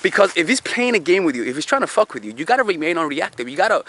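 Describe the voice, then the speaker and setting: A man's voice: high voice, sing-song, racing, bright, forceful tone. A man giving dating advice in a casual monologue, talking in a conversational way with swearing and lots of rhetorical questions. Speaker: dating coach.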